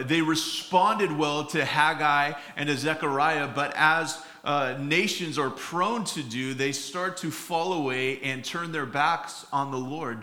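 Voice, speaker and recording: A man's voice: on the high side, bright, forceful tone, roomy sound. A man preaching a sermon, telling funny stories and acting out the lines of each character, with frequent fillers and restarts. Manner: storytelling with acted-out quotes, many fillers and restarts. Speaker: pastor.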